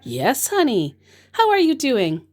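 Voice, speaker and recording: A woman's voice: high-pitched, huge pitch swings, a little mellow, voice pushed up, full character voice. A woman reading a pushy young scammer man. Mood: sweet-talking. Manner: demanding, blunt, hurried. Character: pushy young male online romance scammer.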